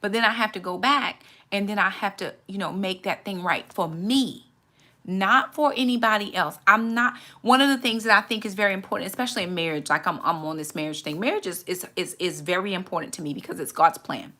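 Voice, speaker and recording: A woman, hosting a casual faith talk and switching into quick high voices to act out other people. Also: sharp tone. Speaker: channel host, mother giving faith advice.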